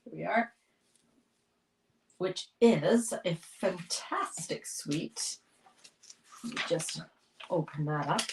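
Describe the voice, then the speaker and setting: A woman's voice: on the low side, animated, slow, creaky, pauses often, a little mellow, slight background noise. A woman with a mild head cold, chatting through a live card-making demonstration and greeting viewers by name. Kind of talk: live craft demo chat.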